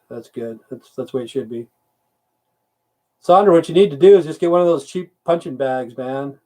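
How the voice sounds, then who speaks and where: A man's voice: medium pitch, a little mellow. A middle-aged man, a military veteran, hosting a casual livestream, reading viewer comments aloud and answering them in a rambling, profane, grumbling way. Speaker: livestream host.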